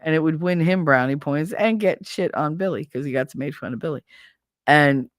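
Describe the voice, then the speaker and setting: A woman's voice: deep voice, normal speed, no echo, studio quality. A woman hosting a casual talk show, telling personal stories bluntly with lots of swearing and acting out what other people said. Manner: blunt and profane, acts out quoted people. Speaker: podcast host. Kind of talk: casual storytelling chat.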